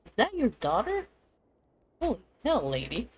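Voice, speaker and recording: A woman's voice: low-pitched, sing-song, normal speed, a little hiss or hum, poor audio. A woman streamer reacting chattily to a game during a live stream. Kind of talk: live gaming stream commentary.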